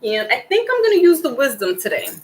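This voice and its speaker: A woman's voice: sits high, huge pitch swings, fast talker, a little hiss or hum, rough recording. A woman giving a casual tarot card reading, chatty and rambling as she talks straight to her viewers. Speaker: tarot reader.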